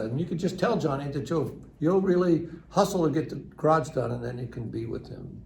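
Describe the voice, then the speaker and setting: Older man, gravelly, echoey hall. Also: fairly high pitch, a little fast, a little mellow. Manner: conversational, dry ironic humor. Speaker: seminar speaker, psychologist. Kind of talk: church parenting seminar talk. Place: church hall. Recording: echoey hall with faint room noise.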